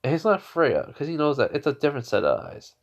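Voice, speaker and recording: A young man telling an improvised fan-fiction story in a halting way, with many restarts and fillers. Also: fairly high pitch, very animated, faint music behind. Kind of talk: casual improvised story narration.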